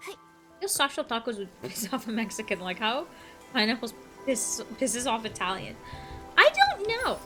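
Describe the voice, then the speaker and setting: A woman's voice: on the high side, very animated, moderate pace, pushed and bright, faint music behind. A woman streaming a game, chatting casually and playfully, teasing her viewers. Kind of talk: casual chat while gaming on stream. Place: at a home computer desk.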